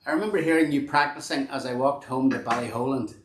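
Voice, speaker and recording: A man's voice: medium pitch, fast. A man hosting a casual online chat in a middle register. He rambles and pokes fun at himself, restarting his sentences as he goes. The room is echoey, with a faint hum of noise behind him. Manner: rambling, self-deprecating, with many restarts. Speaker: host and band member. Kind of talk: casual live-stream chat.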